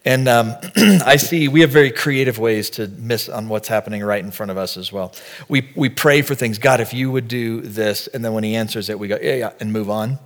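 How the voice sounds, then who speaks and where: Male pastor, conversational sermon, animated and fervent at peaks, long reverb from a church sanctuary. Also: mid-range voice, normal speed.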